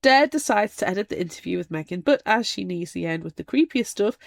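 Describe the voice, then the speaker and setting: A woman co-hosting a casual book podcast, playful, recapping the plot and reacting with quick interjections. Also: medium pitch, lively intonation, creaky, a little mellow, dry recording, studio quality. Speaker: podcast co-host.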